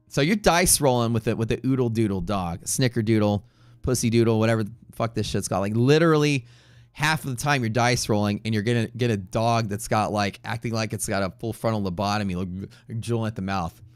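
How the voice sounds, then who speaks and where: A man hosting a live trading stream, chatting casually in a rambling way with profane jokes and quick asides to viewers. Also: fairly low pitch, clean tone, dry recording, clean studio sound. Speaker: livestream trading host.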